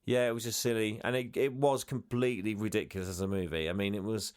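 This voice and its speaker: A man's voice: lowish voice, fairly even intonation, fast talker, a little mellow, smooth. A man co-hosting a podcast, talking casually and often trailing off or restarting. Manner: meandering, trailing off, stammering restarts. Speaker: podcast co-host. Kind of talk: casual chat.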